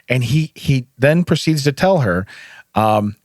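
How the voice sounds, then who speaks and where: A man's voice: medium pitch, animated, normal speed, no room sound, studio quality. Easygoing male podcast host telling stories. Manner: easygoing storyteller, acts out quotes. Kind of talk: casual chat, anecdote telling.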